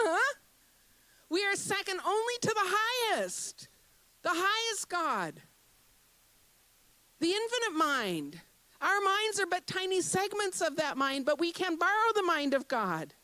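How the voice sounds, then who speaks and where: Woman minister with a high voice preaching to a congregation; repeats key phrases for emphasis and eases into gentle guided breathing. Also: dry recording, rough recording. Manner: emphatic and repetitive, with rhetorical questions to the congregation; slows into a soft, guided breathing meditation. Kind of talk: sermon.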